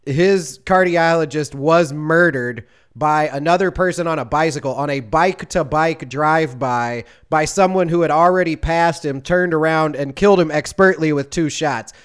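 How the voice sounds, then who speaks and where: Smooth-voiced man deadpanning on a podcast. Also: on the high side, normal speed, few pauses. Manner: dry, mock-serious, laughing. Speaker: podcast co-host. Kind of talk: casual comedic podcast banter.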